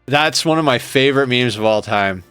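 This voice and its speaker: A man's voice: mid-range voice, normal speed, a bit bright, clear, resonant tone, dry recording, soft background music. A man chatting casually on a gaming live stream, rambling, sarcastic and swearing freely. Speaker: game streamer.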